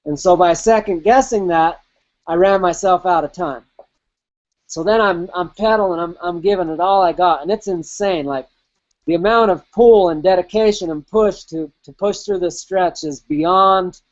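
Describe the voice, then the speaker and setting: A man's voice: high voice, normal speed, dull audio. A man telling a personal race story in a casual, vivid way, with swearing and quoted inner thoughts. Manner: vivid, profane, replays his own inner voice. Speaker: podcast host.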